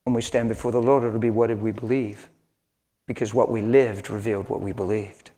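A man in his sixties preaching a sermon, dropping to hushed near-whispers and then rising to emphatic lines, with folksy conversational asides. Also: lowish voice, level tone, fairly quick. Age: 60s. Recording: long hall reverb.

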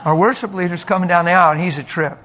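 A man preaching a sermon and telling a story from his ministry, animated and emphatic, moving between loud and soft delivery. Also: high voice, racing, a little hiss or hum. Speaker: pastor.

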